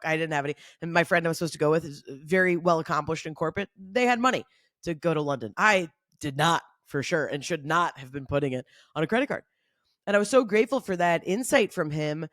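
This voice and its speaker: A woman's voice: lowish voice, quick pace, no room sound, studio quality. A woman hosting her own podcast, giving off-the-cuff motivational talk in an emphatic, fired-up way, swearing freely and repeating phrases for emphasis. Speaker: podcast host.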